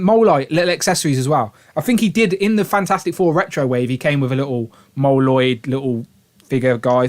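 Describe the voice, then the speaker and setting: A man hosting a toy review livestream in casual, jokey chat, laughing often. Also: medium pitch.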